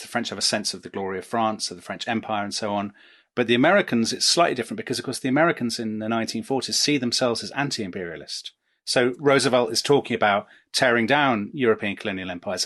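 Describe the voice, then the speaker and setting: A man co-hosting a history podcast, jumping in briskly to frame a point before handing it to the guest. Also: mid-range voice, a bit bright. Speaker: podcast host. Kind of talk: casual podcast discussion.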